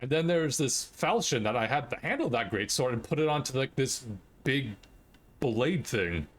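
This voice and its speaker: A young man giving excitable, swearing commentary while playing a game live, with sudden yelps at close calls. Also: mid-range voice, normal speed.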